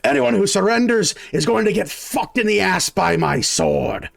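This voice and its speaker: A man voicing a gruff, bullying male bandit boss who barks his orders. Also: high voice, lively intonation, moderate pace, voice pushed up, heavily acted. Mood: blustering.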